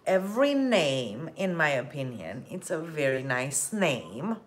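Slow, low-voiced woman hosting a cooking stream. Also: very animated. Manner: gentle, chatty, laughs often. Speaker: cooking show host. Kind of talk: casual cooking chat with viewers.

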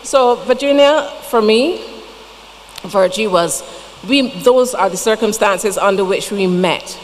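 A woman's voice: mid-range voice, takes it slowly. Barbadian woman telling stories in a reverberant church. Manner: folksy storytelling, chatty asides. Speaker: eulogy speaker. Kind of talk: funeral tribute speech. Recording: long church reverb, faint noise.

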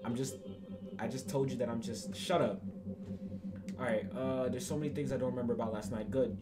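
With music playing behind him, a young gaming YouTuber delivers brisk, casual reactions in a medium-pitched, lively voice. He's crude and scattered, swearing frequently, repeating himself, and laughing at his own jokes.

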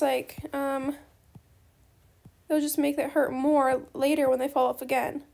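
A gaming video creator with a high, creaky, mellow voice chats loosely while she plays, drifting from one thought to the next. She drops slang like "bestie" and "slay," apologizes a lot, and gushes over the other players.

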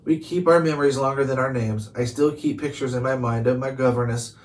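A man voicing a sad, gentle ghost boy, speaking softly and hesitantly. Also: medium pitch, a little fast, natural voice. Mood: wistful. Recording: distant mic with faint noise.

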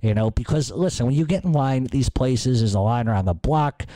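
A man's voice: medium pitch, a little fast, dark tone, no echo. A man hosting a podcast, telling a rambling, profanity-laced story. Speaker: podcast host. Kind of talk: casual storytelling.

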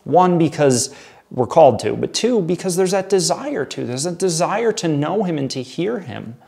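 A man's voice: fairly high pitch, sing-song, normal speed, creaky, mellow. A man leading a midweek Bible study as pastor, talking in an earnest, conversational way and reading scripture aloud before rephrasing it.

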